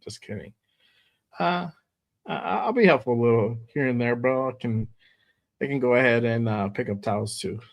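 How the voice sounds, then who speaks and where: Hoarse man hosting a casual stream. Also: mid-range voice, lively intonation, moderate pace, long pauses, lo-fi sound. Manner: laid-back, greets viewers by name. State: hoarse from a cold. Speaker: host of a fan show. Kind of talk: casual livestream chat. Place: home.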